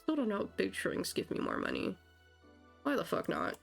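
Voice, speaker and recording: A woman's voice: mid-range voice, wildly swooping pitch, normal speed, vocal fry, faint music behind. A woman streamer giving chatty, frazzled commentary while playing a game. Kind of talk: casual gameplay commentary.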